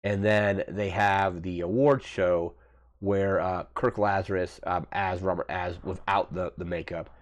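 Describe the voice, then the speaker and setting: Deep-voiced guy hosting his movie channel, rambly casual recap, lots of filler. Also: fairly even intonation, a little slow. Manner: rambling, filler-heavy retelling. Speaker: host of a movie review channel.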